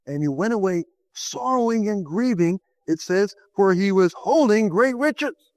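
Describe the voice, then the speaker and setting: Male preacher, highish voice, dry close sound, dramatic delivery full of rhetorical questions. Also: lively intonation, unhurried, dry recording, low-quality recording. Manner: dramatic, swings pitch to act out quoted voices; asks the listeners rhetorical questions. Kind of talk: sermon.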